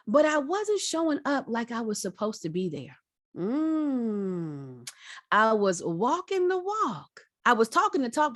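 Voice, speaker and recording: High-voiced motivational woman with lilt. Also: no room sound, clean studio sound. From Virginia, United States. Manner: lively, preacherly, talks straight to the audience. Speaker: guest speaker. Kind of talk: motivational talk.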